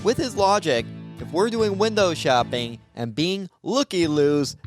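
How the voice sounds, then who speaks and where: A man's voice: on the high side, very animated, measured pace, soft background music. A man hosting his own comedy podcast, delivering a rambling, sarcastic solo monologue of jokes with frequent restarts.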